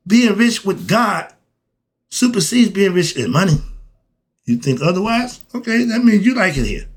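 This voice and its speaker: This host's husky, mid-range voice has a fairly bright tone. Speaking bluntly in colloquial slang, he gives an emphatic spiritual monologue, raising questions only to answer them himself.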